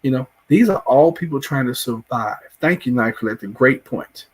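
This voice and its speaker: A man's voice: medium pitch, animated, moderate pace, breathy edge. A man with a Southern US accent hosting a casual live chat, rambling and restarting his phrases as he reacts to viewers. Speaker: livestream show host.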